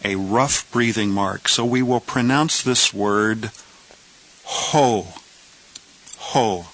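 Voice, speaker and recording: Male teacher, very slow, bright tone, step-by-step lesson, asks and answers himself. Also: fairly low pitch, steady tone, poor audio. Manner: asks questions, then answers them himself. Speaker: Greek teacher.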